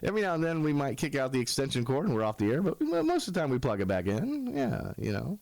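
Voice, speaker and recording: A gravelly man in his forties hosts a show and rambles through self-mocking stories. His voice leaps around with lively pitch. The sound is close and dry, with no room. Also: fast, no room sound. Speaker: radio show host. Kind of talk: rambling casual monologue.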